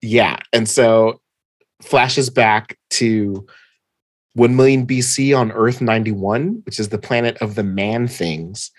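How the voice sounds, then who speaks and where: A man's voice: on the low side, slow pace, no echo, clean studio sound. A man co-hosting a podcast who recaps a comic in casual chat. He is chatty, laughs often and sometimes loses track of names.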